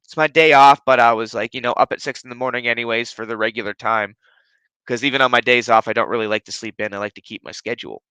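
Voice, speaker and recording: A man's voice: medium pitch, steady tone, fast talker, pushed and bright, clear, resonant tone, dry recording, low-quality recording. A man hosting a casual home podcast, telling a rambling, profanity-heavy story full of fillers. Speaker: podcast host. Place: his living room at home. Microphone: streaming setup.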